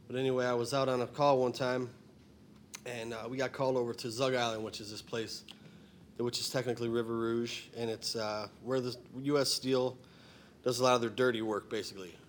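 A man's voice: medium pitch, little pitch movement, a little fast, a little hiss or hum. A middle-aged man, introducing his song in a rambling, plainspoken way and stating blunt opinions. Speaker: singer-songwriter and former firefighter.

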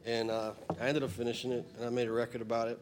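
A man's voice: medium pitch, flat delivery, rapid-fire, slight background noise. A middle-aged man, introducing his song in a rambling, plainspoken way and stating blunt opinions. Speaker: singer-songwriter and former firefighter.

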